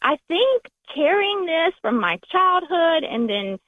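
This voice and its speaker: A woman with a Southern US accent calling in to a radio show, talking in a warm, gushing way and restarting her phrases. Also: very high-pitched, very animated, slow pace, no room sound. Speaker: caller. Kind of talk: call-in phone conversation. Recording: tinny phone line.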